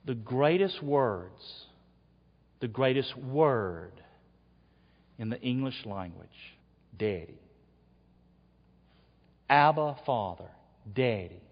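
Preacher booming through a long-echo hall. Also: male voice, expressive, slow pace, long pauses, husky. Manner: preaching that swings from quiet asides to loud shouts. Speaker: pastor. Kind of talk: sermon. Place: church sanctuary. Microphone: wearable mic. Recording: dull, long hall reverb.

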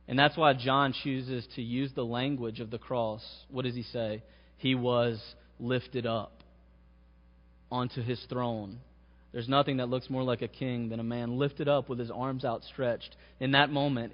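A man delivers a sermon in a large church hall, his voice swelling on the key phrases. The long reverb trails after each line, and the sound is a little muffled. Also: mid-range voice. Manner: preaching with rising emphasis on key phrases. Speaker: pastor.

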